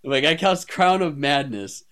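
A man's voice: a little high, animated, moderate pace, fairly bright tone, clear, resonant tone. A man hosting a podcast, telling a long story in casual chat, rambling, swearing often and laughing mid-story. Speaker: podcast host.

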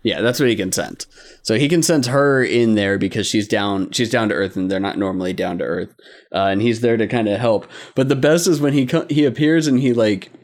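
A man's voice: on the low side, a little fast. A man in a casual podcast chat, walking through anime episodes. He laughs often and rambles, restarting his sentences as he goes. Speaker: podcast co-host.

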